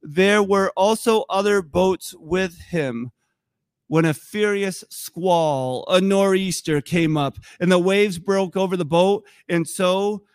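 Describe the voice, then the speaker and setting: A man preaching a sermon to his congregation, dropping into soft hushes and slow emphatic pauses. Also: high-pitched, clear, resonant tone, dry recording. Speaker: pastor.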